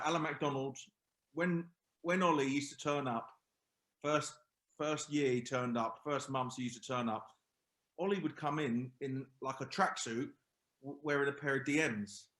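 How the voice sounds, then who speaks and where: A middle-aged man, chatting as a podcast guest about his old teammates. He rambles through anecdotes, restarts his sentences and slips into quoted asides. His voice carries a roomy echo, sitting at an ordinary pitch for a man. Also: fairly bright tone. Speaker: podcast guest, former professional footballer. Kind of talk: casual chat, storytelling.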